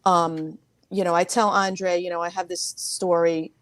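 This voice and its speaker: Animated middle-aged woman, dry sound. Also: dry recording. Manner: animated, rapid talker who mimics others in a high voice. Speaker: therapist guest. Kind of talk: casual interview storytelling.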